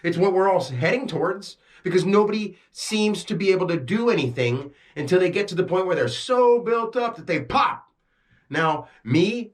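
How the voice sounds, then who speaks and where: A man delivering a frustrated, preachy rant straight to camera as a self-styled spiritual teacher, swearing freely. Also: sits high. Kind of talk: ranting monologue to camera.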